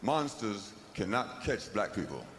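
A man plays a deep-voiced movie producer who explains away every problem in a slow, patronizing calm. The voice sits low and unhurried. It echoes through a hall, with a faint hiss behind it. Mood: smooth, patronizing. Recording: live hall recording, faint noise.

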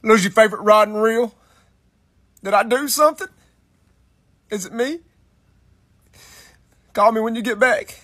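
A man's voice: sits high, unhurried, pauses often, a bit bright. A man voicing a passive-aggressive male friend leaving a wounded voicemail about being left out of a fishing trip.

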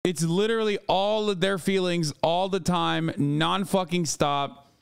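Man, streamer, heated reaction rant, profane, sarcastic, high voice, smooth tone. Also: fairly even intonation, measured pace, dry recording, clean studio sound. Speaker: streamer reacting to a debate clip. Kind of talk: heated livestream reaction commentary.

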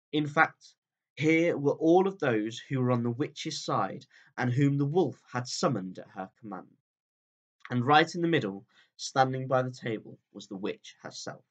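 Man calmly reading a storybook aloud. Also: a little slow, dull audio. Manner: calm, steady storytelling that drops low at sentence ends. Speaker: teacher reading to pupils. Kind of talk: reading a chapter book aloud.

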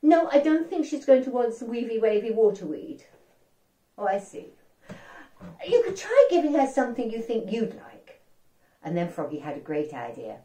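A woman telling a story to young children, animated and asking them questions as she goes, in a roomy echo. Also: fairly high pitch, moderate pace.

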